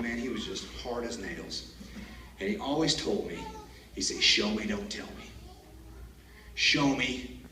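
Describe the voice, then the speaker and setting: Recorded by a far-off camera in an echoey hall, a graduation speaker spins folksy army anecdotes, cracking jokes and laughing at his own stories. His medium-pitched voice has a fairly bright tone, with slight background noise.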